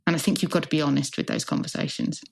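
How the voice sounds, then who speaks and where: A woman's voice: sits low, fairly even intonation, racing, gravelly. A woman who is a hospital chief information officer, answering interview questions in an earnest, reflective way and building her points as lists.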